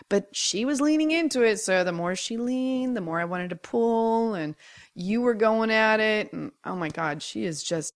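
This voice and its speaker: A woman's voice: mid-range voice, expressive, normal speed. A woman co-hosting a podcast in casual, bubbly chat, teasing and laughing often. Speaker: podcast co-host.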